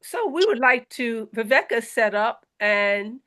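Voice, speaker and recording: A woman from South Carolina moderating a video-call discussion, brisk and organizing, with joking asides. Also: a little high, animated, fairly bright tone. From South Carolina, USA. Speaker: host and moderator.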